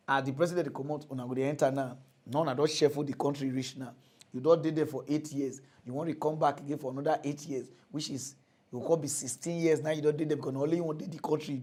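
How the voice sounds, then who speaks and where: A man's voice: on the high side, darkish tone. A man with a Nigerian Pidgin accent ranting comically as a mock-news presenter, mocking and exclaiming. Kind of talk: comedy rant in mock news.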